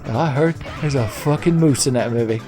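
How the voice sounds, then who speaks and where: A man's voice: mid-range voice, normal speed, dark tone, faint music behind, lightly acted. A man voicing a folksy, rowdy Canadian moviegoer in a put-on mock Canadian accent, with an exaggerated drawl.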